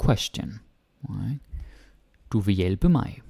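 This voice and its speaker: A man from Denmark with a Danish accent, teaching Danish grammar in a casual lesson and repeating example phrases slowly. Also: medium pitch, expressive, vocal fry, mellow, husky, dry recording, studio quality. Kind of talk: casual online language lesson.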